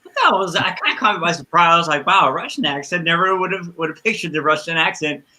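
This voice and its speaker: A man's voice: a little high, lively intonation, quick pace, pushed and bright, poor audio. A man hosting a casual interview who asks rambling questions and searches for his words as he goes. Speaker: interviewer host. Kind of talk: casual conversation.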